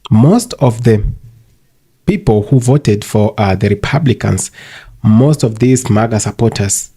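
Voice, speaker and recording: Male channel host from Africa; calm and measured, low, mellow voice. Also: husky. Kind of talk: commentary video address.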